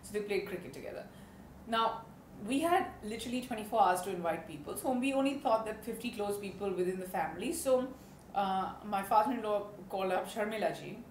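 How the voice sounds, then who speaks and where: A woman, telling chatty, animated stories as an interview guest and laughing often. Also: medium pitch, a little fast. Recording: roomy studio with faint background noise.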